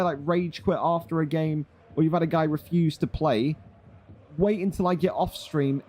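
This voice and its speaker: Young guy streaming, bit high voice, warm and mellow, blunt and sweary. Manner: chatty, blunt, swears freely. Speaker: gaming league streamer and organiser. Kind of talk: casual live-stream talk.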